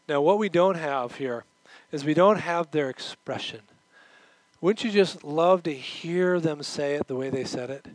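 Middle-aged man, sermon delivery, animated storyteller, higher-pitched, dry booth-like sound. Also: unhurried, no room sound, rough recording. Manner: animated, acts out quoted voices; moves around while preaching. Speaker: pastor.

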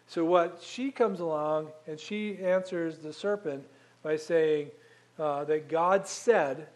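A man preaching a sermon in a conversational way, asking the listeners rhetorical questions. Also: on the high side. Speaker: pastor.

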